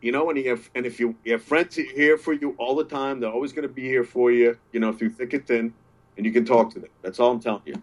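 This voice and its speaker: A man's voice: medium pitch, fairly even intonation, quick pace. Earnest man giving a friend pep talk. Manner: earnest, encouraging, repeats himself. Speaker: podcast guest. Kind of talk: casual chat.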